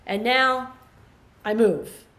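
A woman's voice: on the high side, very slow, fairly bright tone. A woman in her fifties, a podcast guest, talking earnestly and passionately in a rambling way, with restarts. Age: 50s. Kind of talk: emotional conversational interview.

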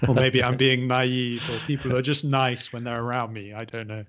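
A man's voice: mid-range voice, little pitch movement, normal speed, fairly bright tone. A man from England chats as a podcast guest in an ordinary mid-range voice. He sounds upbeat but hesitant, often repeating words as he restarts his sentences. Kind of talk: casual conversation.

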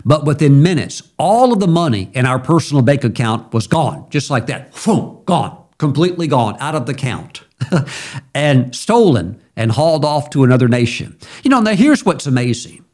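A man's voice: medium pitch, animated, moderate pace, darkish tone. A middle-aged male pastor preaching a sermon in a conversational, storytelling way, with sudden emphatic jumps.

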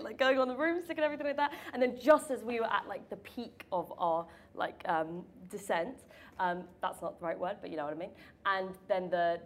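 A woman's voice: on the low side, slight background noise. A young woman asking her sibling questions in a casual chat, talking in a rambling way full of fillers. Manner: chatty, many fillers like "like". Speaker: interviewer, sibling of the guest.

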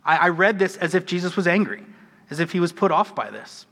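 A man's voice: high voice, fast talker, a bit bright. An American man preaching a conversational, earnest sermon, with a self-deprecating manner. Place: church sanctuary. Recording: church hall with long reverb.

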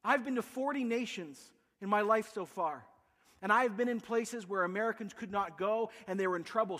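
High-voiced Canadian pastor preaching with passion. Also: male voice, fairly bright tone, big-room sound. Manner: impassioned, builds with repeated rhetorical questions. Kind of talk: sermon. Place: church sanctuary.

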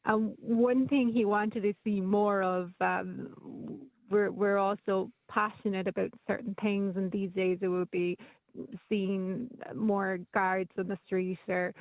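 A woman's voice: medium pitch, little pitch movement, slow, no echo. A woman telling local stories as a radio guest, chatty, with plenty of ums and restarts. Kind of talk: casual radio chat. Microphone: phone. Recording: phone line.

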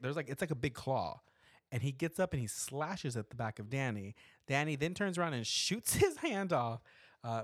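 A man recaps a horror film in loose, chatty podcast talk, full of "um" and "like" and quick laughs. His pitch swings widely as he tells it, and the sound is dry and close. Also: no room sound. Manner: animated storytelling with frequent laughs and fillers. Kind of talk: casual chat.

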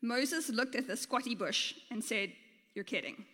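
A woman's voice: on the high side, unhurried, bright, forceful tone, in a large hall. A woman teacher giving a playful storytelling sermon, laughing often and talking informally. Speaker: teacher and guest speaker.

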